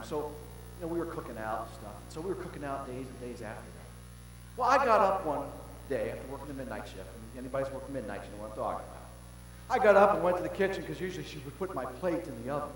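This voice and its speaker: An older male pastor preaching a sermon, telling stories with animated swings from shouts to hushed tones, recorded in a large pavilion. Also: mid-range voice, fast talker. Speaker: senior pastor. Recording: roomy hall with long reverb and faint hum.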